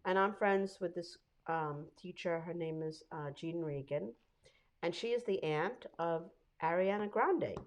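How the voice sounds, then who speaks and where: A woman's voice: lowish voice, a little slow. A woman hosting a casual podcast, chatting and telling a story. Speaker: podcast host. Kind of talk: casual chat.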